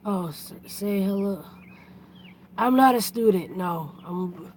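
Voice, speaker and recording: A woman's voice: mid-range voice, slow pace, darkish tone, a little hiss or hum, poor audio. A woman hosting a casual live stream, chatty, greeting and thanking her viewers as they come in.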